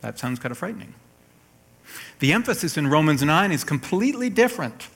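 A man preaching a sermon, explaining scripture verse by verse, lifting his voice for emphasis and then dropping it soft. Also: fairly high pitch, big pitch swings, brisk, creaky, slightly rough.

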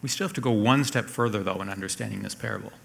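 A man preaching a sermon, explaining scripture verse by verse, lifting his voice for emphasis and then dropping it soft. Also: fairly low pitch, racing, gravelly.

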